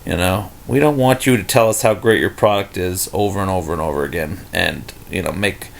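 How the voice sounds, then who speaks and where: A man's voice: low-pitched, fairly quick, creaky. A man talking off the cuff in an irritated, rambling rant, full of fillers and restarts. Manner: irritated, scornful. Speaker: video commentator. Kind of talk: unscripted rant.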